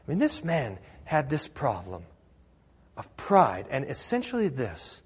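A man's voice: medium pitch, wildly swooping pitch, a little slow, slightly rough, in a large hall. A man preaching a sermon as pastor, telling the story with acted-out quotes and laughing along.

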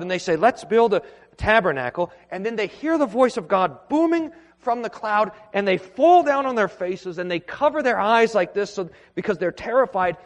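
A man preaching a sermon in a church, earnest and emphatic, with pauses and restarts. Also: sits high. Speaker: pastor. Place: church sanctuary. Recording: long hall reverb.

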